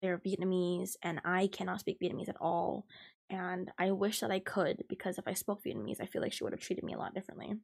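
A woman's voice: fairly low pitch, little pitch movement, brisk, creaky, darkish tone, breathy edge. A young adult woman hosting a podcast, ranting and swearing as she dramatically retells a work story. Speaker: podcast host. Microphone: podcast mic, recorded live.

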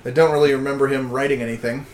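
A man's voice: medium pitch, steady tone, rapid-fire, a little hiss or hum. A man co-hosting a casual podcast chat, laid-back and chuckling between remarks. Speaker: podcast co-host.

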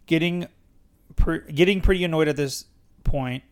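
A man's voice: a little high, normal speed, clear, resonant tone. A young man hosting a podcast who reads his own memoir aloud and sometimes stumbles over words and starts again. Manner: stumbles over words and restarts while reading. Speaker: podcast host reading his own book.

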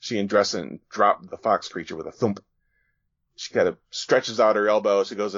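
A man narrates a comic chapter in a relaxed, easygoing way, pausing now and then to explain. His voice is lowish, and the sound is dull and dry. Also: slightly rough, no echo. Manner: relaxed storytelling with fillers and restarts. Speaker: guest author. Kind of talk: casual reading of a comic chapter.

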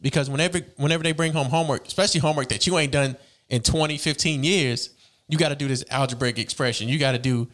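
Fast-talking young man explaining. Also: mid-range voice, a bit bright. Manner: rambling, explanatory, insists on finishing. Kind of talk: casual debate chat.

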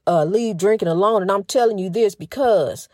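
A middle-aged woman hosting a faith-based talk program in a casual spiritual monologue. She talks fast with a slight stutter, restarts often, and keeps calling her listeners "honey". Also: medium pitch, a little mellow, dry recording, studio quality. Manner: folksy and emphatic, says "honey" often.

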